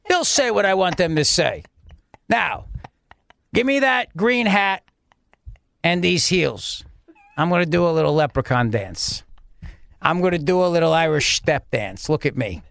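A radio host mocking a smug, boastful middle-aged male governor, in a slow, self-satisfied voice. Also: high voice, animated, vocal fry, fairly bright tone, heavily acted.

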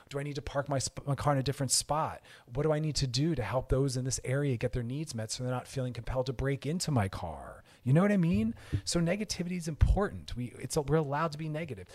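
A man's voice of middle pitch comes through a close studio mic, bone-dry with no room sound. He hosts a podcast and answers listener messages in casual talk. He explains earnestly and with emphasis, hammering his points home by repeating them. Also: a little mellow, dry recording.

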